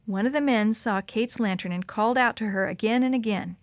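A woman narrating a story in an expressive, dramatic reading. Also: a little high, brisk, no room sound, studio quality.

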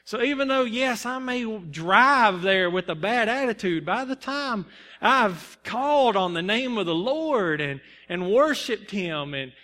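Young male preacher, high and bright, earnest storytelling sermon in a reverberant church. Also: lively intonation, measured pace. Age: young adult. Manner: earnest, personal storytelling with bursts of emphasis. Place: church sanctuary. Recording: long hall reverb.

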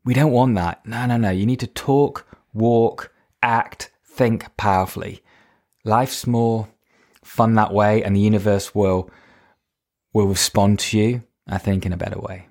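A man's voice: fairly low pitch, unhurried. Chatty northern English man podcasting. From Northern England. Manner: chatty, animated, with frequent fillers and self-deprecating asides. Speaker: podcast host and coach. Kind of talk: casual podcast monologue.

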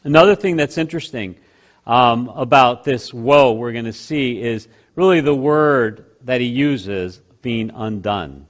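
A man with a mid-range voice preaches a sermon. He slows to press on key phrases and varies between loud and hushed delivery.

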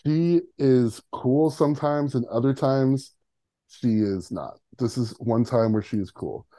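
A man co-hosting a casual podcast, his voice dark and mellow. He rambles with plenty of fillers and drops into quick impressions of characters. The sound is close and dry. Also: mid-range voice, no room sound. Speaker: podcast co-host.

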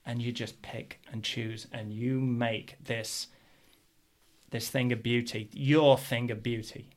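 A middle-aged man from England, a guest telling stories in a casual, animated way and acting out what people said. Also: mid-range voice, slow. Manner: animated, acts out quotes in his stories. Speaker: guest, pro BMX rider. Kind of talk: casual storytelling.

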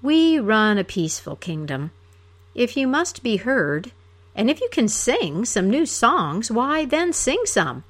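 A bored old king scolds a noisy guest in a peevish voice, as a woman reader puts him on. The lines lurch up and down in pitch and are delivered without hurry. It is a storybook poem told aloud. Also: big pitch swings, slow, heavily acted. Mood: irritable.

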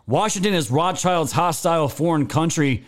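A man's voice: a little high, lively intonation, normal speed. A man hosting a political live stream, commenting and reading viewer chat in an indignant, emphatic and sometimes profane way. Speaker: political talk show host.

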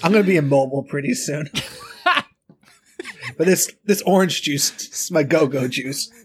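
A man co-hosting a podcast, telling absurd jokes in a deadpan way. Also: fairly high pitch, moderate pace, a little hiss or hum. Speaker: podcast co-host. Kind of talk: casual chat.

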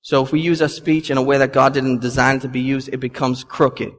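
A man's voice: medium pitch, steady tone, a little fast. A young adult male pastor preaching a sermon in a conversational, emphatic way, with asides to the congregation. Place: church sanctuary. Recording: long reverb from a church hall.

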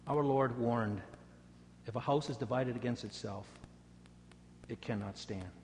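Man preaching a sermon, mid-pitched voice, big church reverb and a little hum behind. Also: unhurried. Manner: dramatic storytelling, rising loud for quoted taunts, dropping soft for prayer. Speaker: pastor.

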